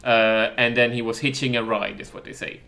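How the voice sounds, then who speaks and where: A man's voice: mid-range voice, fairly even intonation, brisk, creaky, sharp tone, soft background music. Rambling podcast man. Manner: rambling, many "like"s. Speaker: podcast co-host. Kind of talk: casual chat.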